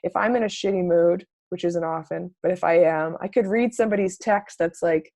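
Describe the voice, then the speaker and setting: A woman's voice: fairly low pitch, normal speed, gravelly, no echo. Chatty young woman coaching, dry sound. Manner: chatty, upbeat, acts out sample messages in a brighter voice; peppered with "like" and mild swearing. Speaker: network marketing coach. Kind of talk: casual live training talk.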